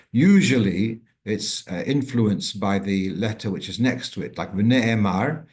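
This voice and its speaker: An older man with a fairly low voice gives a weekly religious lecture, unscripted and unhurried. He explains rules step by step, stopping now and then to restart a sentence as he thinks aloud. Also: darkish tone. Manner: measured, thinking aloud with frequent restarts and fillers. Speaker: rabbi teaching a weekly class.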